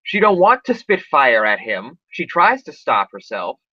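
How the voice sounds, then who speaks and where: A man's voice: mid-range voice, very animated, measured pace, bright, forceful tone, dry recording, lo-fi sound. Chatty male podcast host, dry sound. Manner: rambling with many fillers and restarts. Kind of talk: casual chat.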